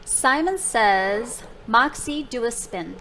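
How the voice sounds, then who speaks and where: A woman running a live product demonstration, giving slow, deliberate spoken commands. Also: on the high side, animated, sharp tone, slight background noise.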